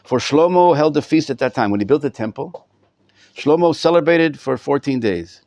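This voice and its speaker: A man's voice: a little high, expressive, moderate pace, darkish tone. A middle-aged man, a rabbi, teaching a live class to students in a study hall, often repeating words as he thinks aloud. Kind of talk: live Torah class lecture.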